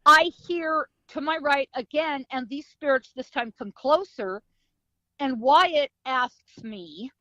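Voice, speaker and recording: High-voiced woman telling a vivid story. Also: slow, bright, forceful tone, dry recording, muffled recording. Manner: vivid storytelling with sound effects and acted quotes. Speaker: guest, psychic medium and author. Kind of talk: animated storytelling in an interview.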